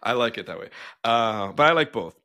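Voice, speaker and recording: Male co-host, lowish voice, easygoing chat full of "uh" and "um". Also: quick pace, no room sound. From United States. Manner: relaxed storytelling, many fillers. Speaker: podcast co-host. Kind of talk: casual chat.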